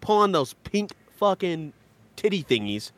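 A man's voice: high voice, sing-song, measured pace, a bit bright, dry recording. A man from Michigan co-hosting a podcast, joking and swearing in a mock-outraged way, often laughing. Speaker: podcast co-host. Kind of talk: casual comedic rant.

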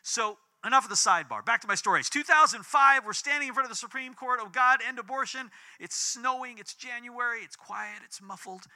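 Bright, animated male preacher. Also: a little fast, few pauses. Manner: animated storytelling with big swings in pitch and volume. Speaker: pastor. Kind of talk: sermon.

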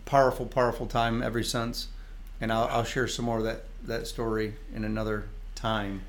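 A man from Michigan giving a lively spoken testimony on a faith program. He tells stories with big swings of energy, rising high and loud at the climaxes, and prays with conviction. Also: normal speed. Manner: animated storyteller, speaking in tongues. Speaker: reverend and guest. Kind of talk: testimony in a faith talk show.

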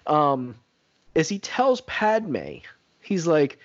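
A man co-hosting a casual film podcast, talking in an animated way, swearing and laughing often. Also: fairly high pitch, drawn-out words. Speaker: podcast co-host. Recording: slightly dull lo-fi audio.

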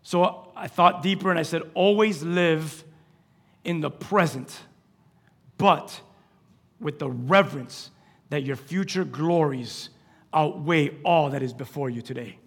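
A male pastor with a high voice preaches with lively storytelling, acting out each character in the scripture. He swings from loud, excited exclamations to quiet, hushed asides. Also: measured pace, breathy edge. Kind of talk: sermon.

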